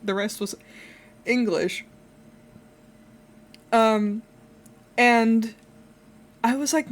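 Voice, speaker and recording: A woman's voice: slow pace, long pauses. Chatty woman streaming. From Netherlands. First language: Dutch. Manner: chatty storytelling, gets louder and higher when excited, casual swearing. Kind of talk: casual live-stream chat.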